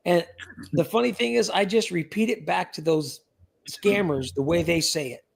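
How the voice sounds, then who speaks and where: A man's voice: on the high side, lively intonation, a little slow, gravelly, breathy edge. A man hosting a casual live stream, rambling and joking as he reads out chat comments.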